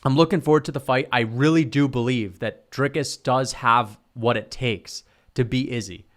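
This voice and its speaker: A man's voice: mid-range voice, moderate pace. A young man giving heated, opinionated solo commentary on fighters, full of slang and swearing. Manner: heated, slangy, swears, says bro and dude. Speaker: MMA commentary youtuber.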